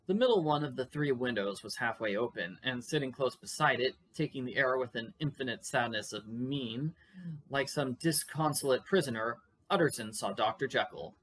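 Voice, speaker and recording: A man's voice: medium pitch, normal speed, a bit bright. A man reading a classic novel aloud, with chatty, musing comments between chapters. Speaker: audiobook reader.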